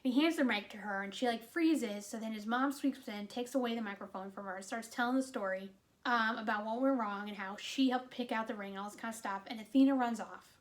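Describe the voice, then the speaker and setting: A woman with a fairly high voice talks through a movie in a loose, chatty way. She retells the plot with animated, exasperated asides and leans on "like" as she goes. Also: a little fast. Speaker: movie reviewer. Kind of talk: casual chatty movie review.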